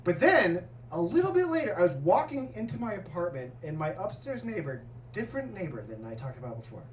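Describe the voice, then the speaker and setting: A male stand-up comedian telling a story in an animated way, acting out characters and swearing often, on stage in a comedy club. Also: high-pitched, fairly quick, a little hiss or hum. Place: comedy club with live audience. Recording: roomy club recording from far off with crowd laughter.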